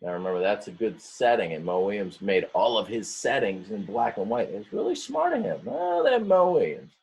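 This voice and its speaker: A man's voice: fairly low pitch, sing-song, brisk, a little mellow, husky. A male teacher reading a picture book aloud to his students, stretching words, acting out the story voices and stopping often to explain details to the class.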